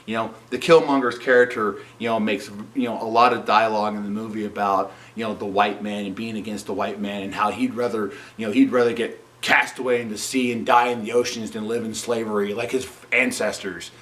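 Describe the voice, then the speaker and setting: A man's voice: on the low side, little pitch movement, brisk, hardly any pauses, fairly bright tone, distant mic. A man giving an opinionated spoken movie review, sarcastic and indignant, often saying "you know". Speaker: film reviewer.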